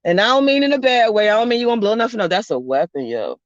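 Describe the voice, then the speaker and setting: Very fast and sing-song, this mid-range voice belongs to a spiritual vlogger speaking bluntly and casually. The recording is dry, dull, and lo-fi, and the stories ramble along, laced with profanity.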